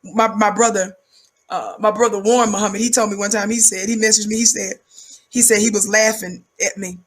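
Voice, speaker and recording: A woman's voice: steady tone, a little fast, slightly rough. A woman giving fiery preaching-style commentary, emphatic and rhythmic, repeating words for effect. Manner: calls herself high-energy.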